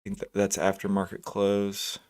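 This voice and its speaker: A man's voice: fairly low pitch, completely flat delivery, normal speed, a little mellow. Man musing over trading charts. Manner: thinking aloud, hesitant, frequent fillers and self-corrections; greets chat viewers by name. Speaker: day trading live streamer. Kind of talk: casual live market commentary.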